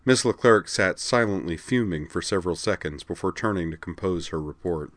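A man narrating a story aloud in an even, measured way. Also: deep voice, dry recording. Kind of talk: audiobook narration.

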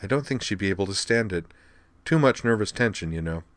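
A man voicing a breezy, cheeky young woman pilot officer in an audiobook, teasing and quick. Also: lowish voice, lively intonation, dry recording, lightly acted.

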